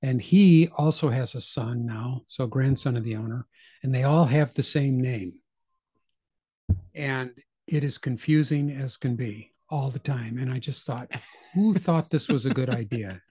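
A man's voice: medium pitch, a little slow, mellow, slightly rough. A middle-aged man co-hosting a podcast, chatting casually and joking about himself. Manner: chatty, joking, self-deprecating. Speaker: podcast co-host. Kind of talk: casual chat.

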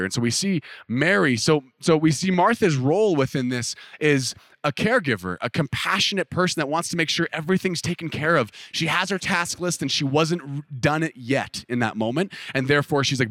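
A man's voice: fairly high pitch, expressive, brisk, a bit bright, dry recording. A male pastor giving a casual, conversational sermon, often acting out what people in the story might say. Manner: casual, conversational preaching with filler "like" and acted-out quotes.

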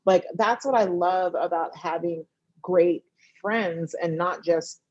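A woman's voice: fairly low pitch, slow pace, a little mellow, slightly rough, no room sound, lo-fi sound. A woman television writer and producer chatting as a guest in an interview, telling stories animatedly and acting out what her friends say. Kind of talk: casual interview chat.

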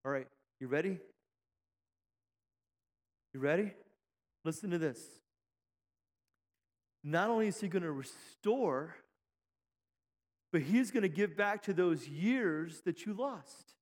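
A high-voiced man preaching in a church, his words ringing with a long hall reverb. He is a middle-aged pastor who builds to shouts, calls out "amen" and jokes with the people before him. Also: animated, slow pace, long pauses. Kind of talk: sermon. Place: church sanctuary.

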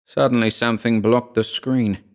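A man reading a first-person story aloud in a wry, measured way. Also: medium pitch, flat delivery. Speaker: narrator.

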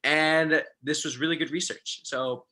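A young man hosting a podcast interview, friendly and quick to laugh. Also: a little high, fairly even intonation, bright, forceful tone. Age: young adult. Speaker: podcast host. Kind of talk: casual interview.

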